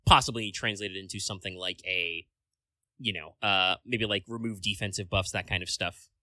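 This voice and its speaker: A man's voice: deep voice, normal speed, bright, forceful tone, no echo. A man co-hosting a casual podcast chat, rambling along with lots of filler words and casual swearing. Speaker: podcast co-host.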